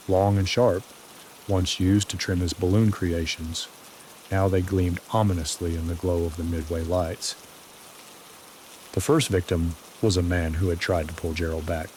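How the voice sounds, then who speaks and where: A man telling a scripted horror story for sleep in a slow, deliberate, ominous way. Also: low-pitched, darkish tone, a little hiss or hum. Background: rain.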